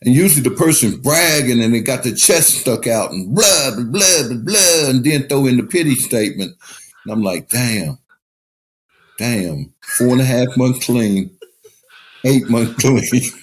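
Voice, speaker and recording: A man's voice: mid-range voice, expressive, moderate pace. Candid storytelling man, podcast guest. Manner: candid storyteller, swears freely. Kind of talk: casual recovery podcast talk.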